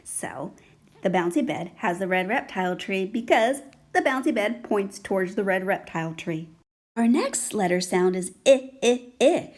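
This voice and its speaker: Breathy-voiced woman, early-grades phonics teacher, lively sing-song pitch, patient and coaxing, repeats sounds slowly. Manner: patient, coaxing questions to a young child. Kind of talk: children's phonics lesson.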